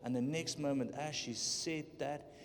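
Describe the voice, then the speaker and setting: Animated preacher in a hall. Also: male voice, fairly high pitch, a little slow, slight background noise. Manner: animated, acts out voices in his stories, swings from loud to hushed. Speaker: guest preacher. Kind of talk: conference sermon with storytelling. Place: large church hall. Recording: live church hall reverb with music underneath.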